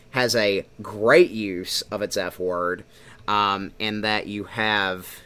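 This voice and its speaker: A man with a fairly low voice hosts a laid-back movie discussion. He talks in an animated, rambling way, leaning on fillers as he builds his point. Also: clean tone. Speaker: podcast host. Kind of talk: casual movie review chat.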